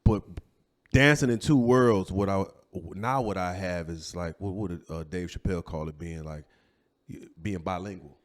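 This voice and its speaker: A man's voice: sits low, normal speed. A man, a comedian and host, telling stories in loose, profane, slangy casual chat. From Detroit, USA.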